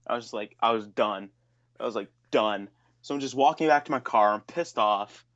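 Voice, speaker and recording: A man with a mid-range, slightly bright voice co-hosts a podcast, speaking unhurriedly and pausing often as he spins a long, swear-filled story and rants. The recording is dull and a bit lo-fi with the highs rolled off, and the chat is loose and casual.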